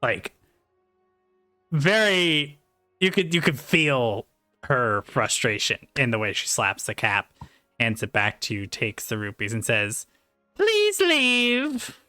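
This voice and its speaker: A game master narrating a tabletop game in a halting, descriptive way. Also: medium pitch, bright, forceful tone, no room sound, faint music behind.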